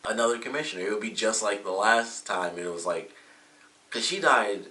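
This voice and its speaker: Low-voiced dude rambling thru a tv episode review, kinda bright edge, sounds far from the mic. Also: male voice, lively intonation, brisk. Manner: rambling, with many fillers and self-corrections. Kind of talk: casual solo review. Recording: roomy echo, mic at a distance.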